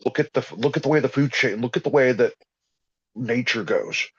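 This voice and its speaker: A man with a mid-range, fairly bright, breathy voice talks a little fast in a rambling, folksy way. It's a casual conversation about healing and balance, recorded with dull lo-fi sound.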